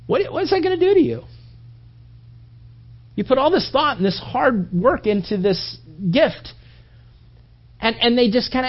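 Pastor with a husky voice, preaching in animated, story-driven bursts, recorded on a dull, low-fidelity feed. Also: unhurried, long pauses. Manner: frequent restarts and repetitions. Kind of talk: sermon.

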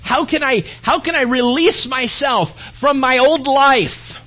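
A man preaches a sermon with a husky, breathy edge. His voice sits high for a man. He swings between raised, emphatic lines and soft, hushed ones. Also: takes it slowly, rough recording. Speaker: pastor.

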